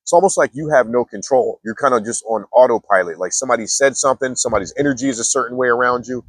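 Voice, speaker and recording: A young man talks straight to the camera in a relaxed, slangy way, often stopping to restart his sentences. His voice is mid-pitched, and the recording is dry and close, with no room sound. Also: fast, dry recording. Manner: laid-back slangy talk with many restarts. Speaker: mindfulness vlogger. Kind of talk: casual storytelling monologue.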